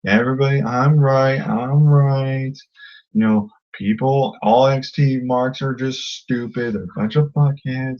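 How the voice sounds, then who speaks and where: A man's voice: medium pitch, muffled recording. A man ranting angrily at a critic, combative and insulting, often repeating himself. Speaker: vlogger. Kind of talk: angry rant to camera.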